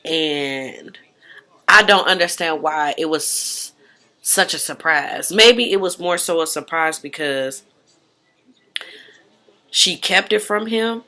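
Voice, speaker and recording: A woman's voice: deep voice, takes it slowly, pauses often, bright, forceful tone. A woman recapping a reality show in casual, blunt, profane slang. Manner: blunt, profane, slangy gossip with acted-out quotes.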